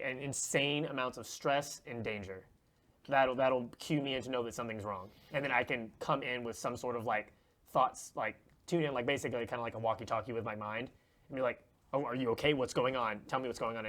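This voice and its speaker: A man playing a tabletop game chats in a loose, rambling way, full of fillers and restarts. His voice sits at a plain, middle pitch. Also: fairly quick, fairly bright tone. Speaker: player. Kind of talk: casual tabletop game chat.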